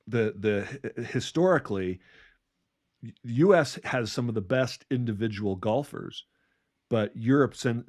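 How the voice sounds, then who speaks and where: A man co-hosting a leadership podcast, telling a story in a relaxed talking way, often restarting and repeating words. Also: on the low side, dry recording, studio quality. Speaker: podcast co-host, leadership coach. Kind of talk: conversational podcast talk.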